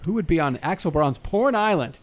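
A man's voice: on the high side, expressive, a little fast, slight background noise. Profane, playful man hosting a chat show. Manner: profane, playful storytelling, acts out scenarios. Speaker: podcast host. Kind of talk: casual chat.

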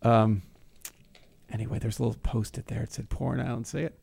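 Excitable gravelly-voiced male host. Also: medium pitch, fairly quick. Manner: excitable, swearing, animated. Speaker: podcast host. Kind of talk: casual chat.

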